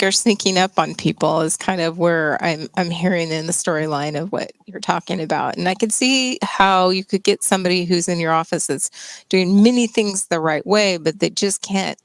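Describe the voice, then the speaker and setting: A woman's voice: lowish voice, no echo. A woman co-hosting a health podcast, asking questions in a thoughtful, slightly hesitant way. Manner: thoughtful, hesitant, searching for words. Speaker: co-host pharmacist. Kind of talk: conversational interview questions.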